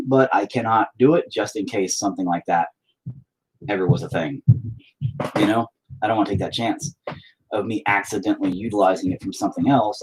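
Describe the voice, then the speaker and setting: A man's voice: fairly low pitch, darkish tone, breathy edge, poor audio. A man chatting casually as he paints at home, rambling, swearing often and joking around. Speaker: artist painting on a stream. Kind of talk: casual chat while painting. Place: at home near the dining table.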